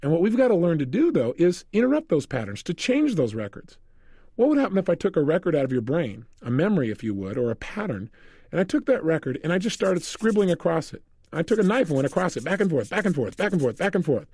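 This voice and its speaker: Male motivational speaker, quick and lively, acts out his stories. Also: on the high side, breathy edge, no room sound, studio quality. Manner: animated storyteller, acts out scenes. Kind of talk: motivational seminar talk.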